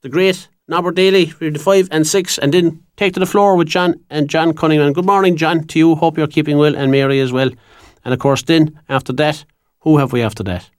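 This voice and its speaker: An Irish radio presenter chats his way through community notices and a sign-off, rambling a little as he goes. His slightly higher voice sits close and dry on a studio mic. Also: fairly even intonation, fairly quick, clean tone, no room sound. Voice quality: chatty, rambling, loses his train of thought. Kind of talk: casual radio announcements and sign-off. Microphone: studio microphone.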